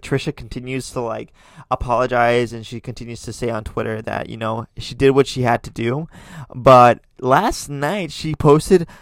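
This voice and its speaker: A man's voice: medium pitch, no room sound. A man hosting a casual podcast, commenting on tweets in a chatty, opinionated way with many fillers and restarts. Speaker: podcast host.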